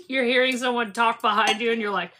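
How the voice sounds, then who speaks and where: A woman hosting a casual book club discussion, animated and laughing as she acts out scenes. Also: on the high side, moderate pace.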